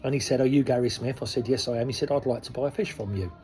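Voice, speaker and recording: A man's voice: medium pitch, racing. Frank older man talking to camera. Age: 60s. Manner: conversational, frank, rambling with asides. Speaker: koi dealer. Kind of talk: casual talk to camera. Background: soft soul music.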